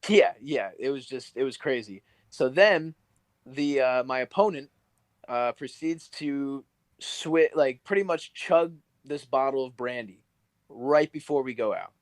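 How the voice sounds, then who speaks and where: A man's voice: medium pitch, lively intonation, a little slow, no room sound, poor audio. A young man, a professional wrestler guesting on a podcast, telling stories in a casual, rambling way full of fillers. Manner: rambling, filler-heavy storytelling. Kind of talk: casual storytelling interview.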